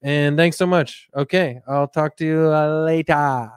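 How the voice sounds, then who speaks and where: A man hosting, telling an improvised comic story in a rambling, relaxed way with many fillers. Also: fairly high pitch, unhurried, smooth, no room sound, studio quality. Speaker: host.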